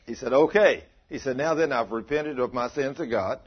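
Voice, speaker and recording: Medium-pitched and at normal speed, a man preaches a sermon built around a story. He performs the dialogue with animation and quotes scripture, and the recording sounds dull and lo-fi.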